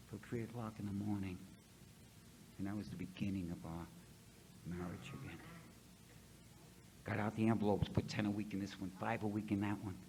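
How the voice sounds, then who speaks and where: A man's voice: lowish voice, darkish tone, slight background noise. A middle-aged man from Ohio, telling his recovery story to an audience in a folksy, blunt way and acting out the dialogue himself. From Ohio, USA. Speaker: speaker at a recovery convention.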